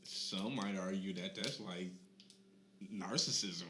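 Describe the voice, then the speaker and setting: A young man co-hosting a podcast, chatting casually with quick joking replies and frequent agreement. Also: low-pitched. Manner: quick responses, joking, affirming. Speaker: podcast co-host. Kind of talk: casual chat. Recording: roomy with faint hiss.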